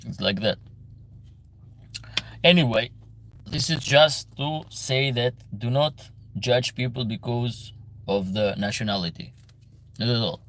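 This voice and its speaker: An Albanian livestream host with a gravelly, mid-range, fairly bright voice reads his chat and lectures it in casual conversation. He comes across as earnest and speaks broken English.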